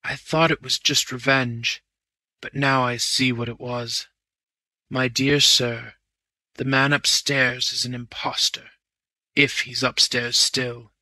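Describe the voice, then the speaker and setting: A male reader playing a wounded bank manager, breathless and faint, speaking slowly in broken phrases. The voice stays bright and dry, close to the microphone. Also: mid-range voice, flat delivery, dry recording. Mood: earnest. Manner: faint, halting, slow phrases. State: weak and breathless. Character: wounded, exhausted male bank manager, weak but earnest.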